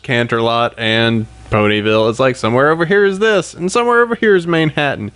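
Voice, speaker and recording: A man's voice: mid-range voice, brisk, few pauses, a bit bright, clean tone. A man hosting a podcast, chatting in a playful way and laughing often. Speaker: podcast host. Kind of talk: casual podcast chat.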